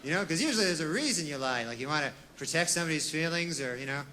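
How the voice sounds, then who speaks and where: A man doing a deadpan, rambling stand-up comedy monologue, full of asides and folksy fillers, on a comedy stage. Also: fairly high pitch, very fast, slight background noise. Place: comedy stage with a live audience.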